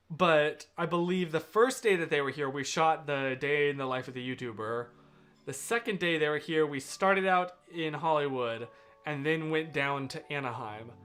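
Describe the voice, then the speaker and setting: Slow, rambling live streamer. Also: medium pitch, fairly bright tone. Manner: rambling, self-correcting, chatty with viewers. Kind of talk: casual live-stream storytelling.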